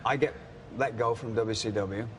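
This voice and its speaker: A man's voice: medium pitch, normal speed, slight background noise. A middle-aged man, telling wrestling anecdotes in casual chat and acting out the quotes. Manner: animated anecdotes with acted-out quotes. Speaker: wrestling podcast guest. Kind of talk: casual storytelling.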